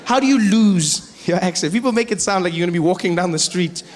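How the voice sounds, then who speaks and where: High-voiced South African comedian. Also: male voice, quick pace. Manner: animated, slips into acted voices and accents. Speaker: stand-up comedian. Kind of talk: stand-up comedy. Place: stage. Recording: live stand-up with audience noise.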